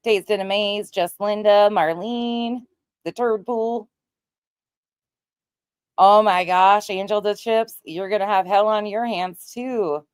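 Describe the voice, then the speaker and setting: A woman's voice: medium pitch, fairly even intonation, takes it slowly, smooth, no room sound. A woman hosting a casual livestream, greeting viewers by name and chatting bluntly, swearing now and then. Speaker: livestream host.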